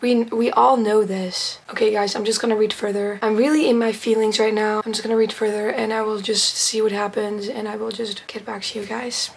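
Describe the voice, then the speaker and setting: A young woman vlogger reading a novel aloud in steady first-person narration, breaking off into excited reactions. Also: medium pitch, brisk, creaky, hardly any pauses, slight background noise, low-quality recording. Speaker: book vlogger.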